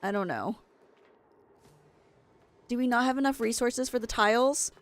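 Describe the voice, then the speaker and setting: A young woman streaming a game, frantic and excitable, laughing at her own stress. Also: a little high, moderate pace. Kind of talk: gameplay commentary.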